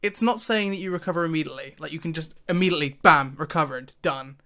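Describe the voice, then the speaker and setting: Speaking to camera in a relaxed way, this YouTuber muses aloud with frequent hesitations and quick bursts of laughter. He talks very fast, and his smooth, clear voice sits slightly high for a man, with a fairly bright tone.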